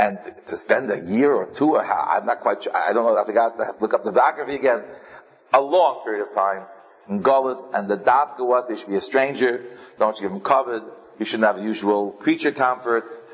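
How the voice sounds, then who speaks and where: A man giving a rambling, halting, humorous sermon with stories, as a rabbi. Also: mid-range voice, slightly rough. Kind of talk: sermon with storytelling. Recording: long hall reverb.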